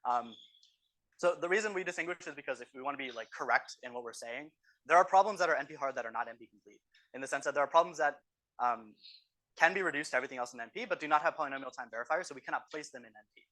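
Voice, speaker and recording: Male TA for a review session: quick delivery, bright voice, keeps asking the room "right?". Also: mid-range voice. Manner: explanatory, tags statements with "right?". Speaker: course teaching assistant. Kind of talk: exam review lecture. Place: university classroom.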